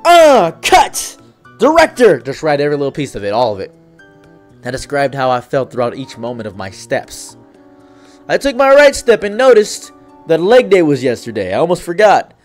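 Animated man rambling comically over guitar. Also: a little high. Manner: theatrical, exaggerated inflections and playful emphasis. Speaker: YouTube commentary host. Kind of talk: rambling comedic monologue.

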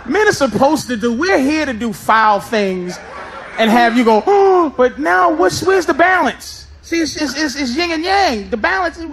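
A middle-aged man doing stand-up crowd work, loud, brash and profane as he teases the audience on a live stage. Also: very high voice, sing-song, normal speed. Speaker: stand-up comedian. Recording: live show with crowd laughter and noise.

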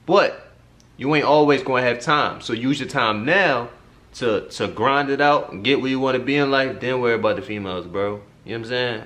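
A man of mid pitch reacts to a song on camera, chatting in loose slang and checking in with his viewers again and again. He often turns earnest, handing out advice in a preachy tone. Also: fairly bright tone. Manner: slangy, talks straight to viewers, repeats "you feel me". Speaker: reaction video host. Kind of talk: casual music reaction commentary.

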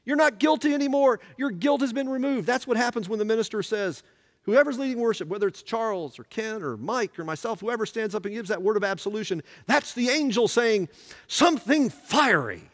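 Leading a church Bible study, a male pastor speaks quickly in a high voice, animatedly posing questions to the room as he goes. A long reverb tail trails his words.

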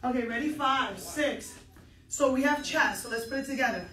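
A woman's voice: sits high, normal speed, fairly bright tone, echoey room, faint music behind. A woman instructor leading an online step dance lesson, counting out beats and encouraging her students, a little out of breath, in a dance studio. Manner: upbeat and encouraging, counts aloud.

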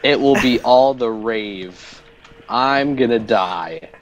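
A young man bantering with a friend during a game session, playful and full of made-up words. His voice sits at a middle pitch and he talks at an unhurried pace. A faint hiss of noise sits behind him. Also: low-quality recording. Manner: silly, playful, chants nonsense words. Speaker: gaming co-host. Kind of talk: casual gameplay chat.

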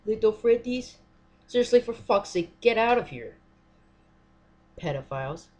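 A gamer provides lively let's-play commentary on a horror game, cursing constantly and yelling at jump scares. His speech is full of fillers like "like" and "seriously." His voice is medium-pitched and a little slow.

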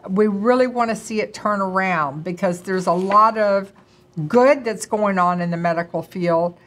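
A woman's voice: medium pitch, normal speed, a bit bright. A middle-aged woman co-hosting a health talk, speaking earnestly and at length. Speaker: co-host, doctor's wife.

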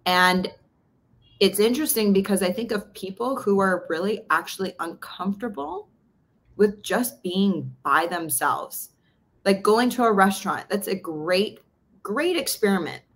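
Speaking at an unhurried pace in a medium-pitched voice, a female podcast host from Canada shares a personal story candidly during a casual interview. She tells it as a storyteller, acting out the dialogue with animation.

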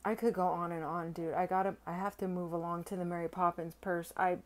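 A young woman vlogging a casual unboxing, gushing and excitable, stammering and swearing when she is overwhelmed. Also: fairly low pitch, brisk. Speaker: silver-stacking vlogger.

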